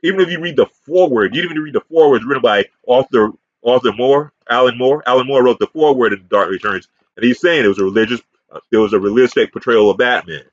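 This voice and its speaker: A man's voice: mid-range voice, fast, hardly any pauses, dry recording. A man giving a combative, profane, rambling ranting commentary as a YouTube commentator. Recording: dull, muffled sound.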